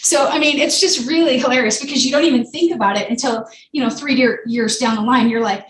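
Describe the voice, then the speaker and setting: Woman, guest speaker, lively storyteller, high voice, echoey distant recording, faint ambience. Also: quick pace, hardly any pauses. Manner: animated, acts out the people in her stories. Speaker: guest speaker at a radio club meeting. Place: meeting room.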